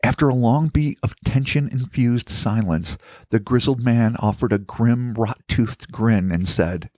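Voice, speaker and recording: A man hosting a podcast, reading out a story in a measured, dramatic narration. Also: mid-range voice, a little mellow, no room sound, studio quality. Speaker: podcast host.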